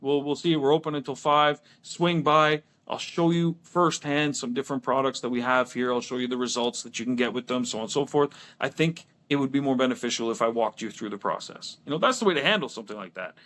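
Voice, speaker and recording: A man's voice: mid-range voice, a little fast, few pauses, a bit bright. A man co-hosting a business podcast, talking casually and telling stories with many restarts and laughs. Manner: storytelling with lots of restarts and laughs. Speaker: podcast co-host. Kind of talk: casual chat.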